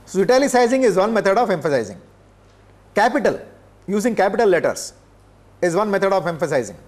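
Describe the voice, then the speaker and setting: An older man from India, giving a classroom lecture in a measured way, pausing often with filler sounds. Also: high voice, sing-song. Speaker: professor. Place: lecture room.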